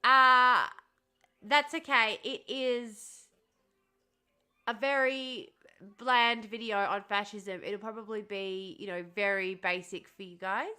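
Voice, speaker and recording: A woman hosts a casual livestream, reading chat and answering viewers with frequent laughs and sarcastic asides. Her medium-pitched voice is slow, pushed and bright with a clean tone and fairly even intonation, and faint music plays behind her.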